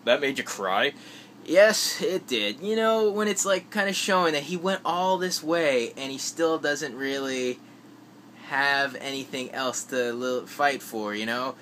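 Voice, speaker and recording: Unhurried and mid-range, with a fairly bright tone, a vlogger rambles casually about his movie list. His talk is full of fillers and restarts, and he acts out quotes. A little hiss or hum sits under the audio.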